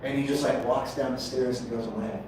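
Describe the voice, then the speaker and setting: A man's voice: medium pitch, fairly even intonation, fairly quick, a little mellow, a little hiss or hum. A man in his forties from Portland, Oregon, doing crude, profane open mic stand-up and bantering with the crowd in a small venue. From Portland, Oregon, USA. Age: 40s. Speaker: stand-up comedian. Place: small comedy venue, indoors. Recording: echoey venue, distant mic.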